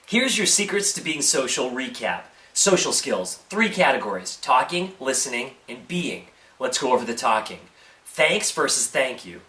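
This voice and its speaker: A man hosting a comedic tips video, animated and acting out silly example replies. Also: medium pitch, moderate pace, distant mic. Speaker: host. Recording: echoey room.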